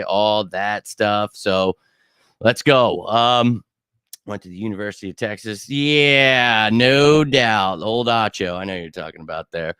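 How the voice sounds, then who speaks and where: A man's voice: on the low side, fairly bright tone, clear, resonant tone, no echo, clean studio sound. Profane, fired-up male sports streamer. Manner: heated, profane, swaggering; answers live chat comments. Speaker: sports show host. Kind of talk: casual livestream rant.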